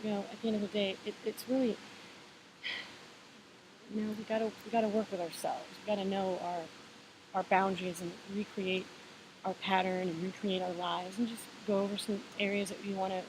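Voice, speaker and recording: A woman giving relaxed, meandering spiritual advice in a casual vlog, talking in an encouraging way with many fillers and restarts. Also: medium pitch, brisk. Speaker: vlogger sharing spiritual advice. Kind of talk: casual reflective monologue. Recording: hissy home recording.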